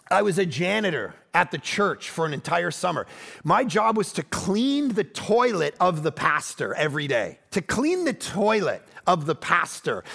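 A man preaching a sermon as pastor, telling lively personal stories and swinging from loud, punchy lines to low, quiet ones. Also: vocal fry.

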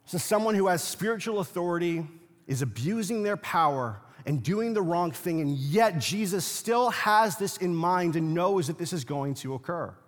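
A man preaching a sermon as a pastor, moving between hushed personal storytelling and loud, insistent passages. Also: sits high, animated, moderate pace. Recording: echoey hall with long reverb.

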